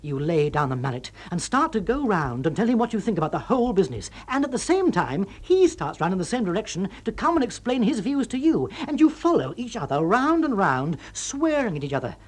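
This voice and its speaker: A man's voice: sits high, very animated, fairly quick, few pauses. A man giving a wry, comic reading of a story aloud.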